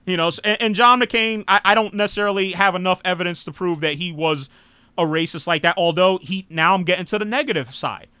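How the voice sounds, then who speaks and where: An American man from the United States hosts a live political talk show in a high-pitched, bright, forward voice. The recording is dry and close with no echo, and he rambles casually, dropping lots of "you know"s and blunt asides.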